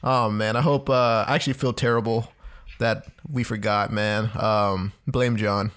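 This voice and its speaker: A man's voice: fairly low pitch, fairly even intonation, measured pace, a bit bright. Laid-back man saying dude. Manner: laid-back, says dude a lot, swears, laughs along. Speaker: podcast co-host. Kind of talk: casual chat.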